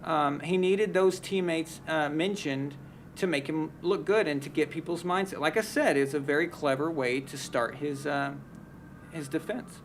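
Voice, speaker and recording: Fired-up opinionated man, high voice. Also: normal speed, a little hiss or hum. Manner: opinionated, heated, restarts often. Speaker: sports talk show host. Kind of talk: casual live-stream sports chat.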